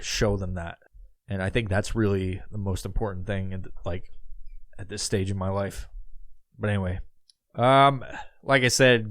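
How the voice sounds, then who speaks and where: A man's voice: fairly low pitch, no echo. A man in his thirties hosting his own podcast, talking casually and rambling with lots of swearing and filler words. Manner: rambling, profane, heavy fillers. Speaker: podcast host. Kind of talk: casual solo podcast outro.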